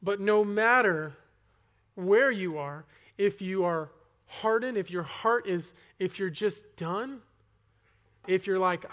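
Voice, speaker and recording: A young man giving a personal testimony sermon to a congregation, earnest and conversational, with halting restarts, rising to loud emphasis and dropping to soft asides. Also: high voice. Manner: earnest, swings between loud emphasis and near-whispered asides. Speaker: preacher.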